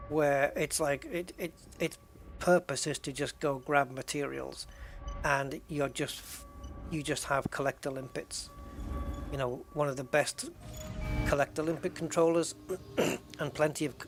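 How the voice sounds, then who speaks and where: A casual game streamer talking through play live, thinking aloud and tallying things up as they go. The delivery is chatty and relaxed, with quick restarts and asides to viewers. The pitch sits in the middle of the range. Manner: thinks aloud, counts items and chats with viewers. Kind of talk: live gameplay commentary.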